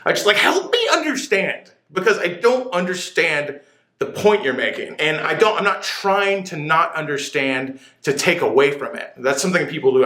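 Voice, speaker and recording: A man rants to the camera with big opinions, swearing and tripping over his restarts while he gets sweaty. His voice sits slightly high and sounds bright and sharp. With no microphone, the room around him echoes. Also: normal speed. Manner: animated, opinionated, profane, stumbling restarts. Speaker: motorcycle channel host. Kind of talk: casual rant to camera. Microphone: camera mic, no dedicated microphone.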